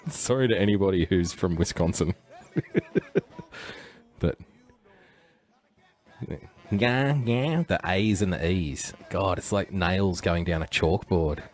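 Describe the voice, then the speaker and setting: A man's voice: sits low, takes it slowly, pauses often. A man hosting a livestream, rambling through casual commentary with joking asides and chuckles. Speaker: livestream host.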